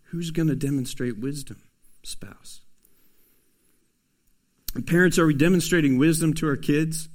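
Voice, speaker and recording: A man preaching a sermon as a pastor, swinging from loud, emphatic pushes to soft, hushed asides. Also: on the high side, a little slow, long pauses.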